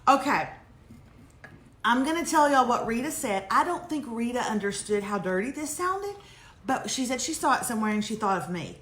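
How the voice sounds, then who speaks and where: Animated woman hosting a live show. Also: on the high side, normal speed, a little hiss or hum. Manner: animated, joking, laughing, teasing. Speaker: host. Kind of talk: casual live chat reading viewer emails. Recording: echoey room.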